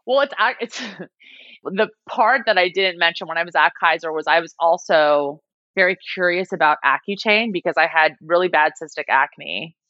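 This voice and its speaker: A woman's voice: fairly low pitch, normal speed, sharp tone, no echo. A young adult woman telling a personal story in a casual interview, animatedly mimicking the people she quotes. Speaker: guest. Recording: slightly dull lo-fi sound.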